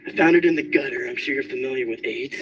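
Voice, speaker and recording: An actor plays a menacing street thug who rattles off his threats quickly. His voice is sharp and forceful, pitched in an ordinary male range. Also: natural voice, poor audio. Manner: threatening, rapid.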